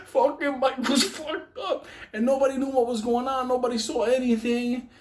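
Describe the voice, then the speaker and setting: A man with a fairly high voice tells a story in a loose, rambling way. He swears in nearly every line and keeps cracking himself up. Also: normal speed. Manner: profane, laughs often; animated, rambling. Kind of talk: casual storytelling.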